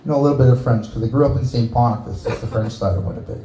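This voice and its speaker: Canadian guy doing crude standup crowd work, dark mellow tone, roomy bar echo. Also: mid-range voice, racing. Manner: crude, teasing banter with the audience. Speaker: stand-up comedian. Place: small bar stage, live audience.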